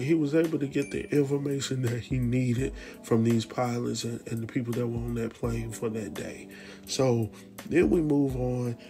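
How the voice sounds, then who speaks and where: A man casually recapping a TV drama episode, animated and slangy, speaking straight to his viewers. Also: mid-range voice, creaky. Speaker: TV recap host.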